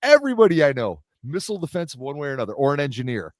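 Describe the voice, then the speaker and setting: A middle-aged man chats as a podcast host, talking quickly and with lots of energy. He tells his stories with gusto and slips into the voices of the people he quotes. The sound is close and dry, with no room around it. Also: on the high side, dry recording. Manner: animated storyteller, acts out quoted voices. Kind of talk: casual chat.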